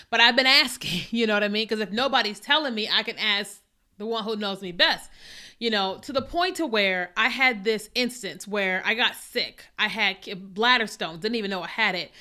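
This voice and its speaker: Bright-voiced woman hosting a faith talk. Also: medium pitch, moderate pace. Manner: conversational, full of fillers and asides. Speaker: podcast host. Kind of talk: casual faith talk monologue.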